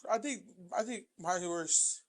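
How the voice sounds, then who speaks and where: A young woman co-hosting a podcast in casual chat, with quick blunt reactions and jokes. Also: medium pitch. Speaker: podcast co-host.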